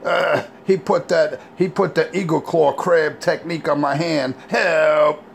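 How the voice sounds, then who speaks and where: A man's voice: a little high, fairly even intonation, a little slow, creaky, a little hiss or hum, pitched above the performer's own voice. A man putting on a whiny, stammering coward. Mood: shrieking. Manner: stammering, panicky.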